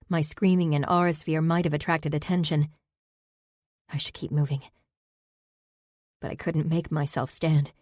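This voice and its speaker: Low-voiced woman narrating a fantasy audiobook. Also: a little mellow, no room sound, clean studio sound. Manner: intimate, emotional storytelling.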